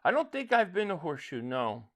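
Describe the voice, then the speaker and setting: Chatty, rambling man with a high voice. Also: very animated, a little fast, a bit bright. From South Jersey, near Philadelphia. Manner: rambling and chatty, with frequent restarts. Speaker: live stream host. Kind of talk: casual live stream chat answering viewer comments.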